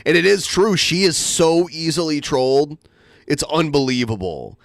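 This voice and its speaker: A man's voice: a little high, animated, moderate pace, creaky, no echo, clean studio sound. A man hosting a podcast, chatting casually and with amusement, using many fillers. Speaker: podcast host. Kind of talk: casual commentary chat.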